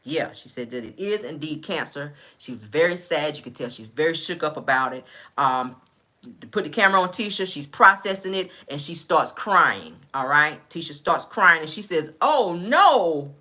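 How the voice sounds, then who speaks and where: A woman's voice: sits low, animated, normal speed, pushed and bright. A woman casually recapping a reality TV episode, chatty and storytelling, often checking in with "all right?".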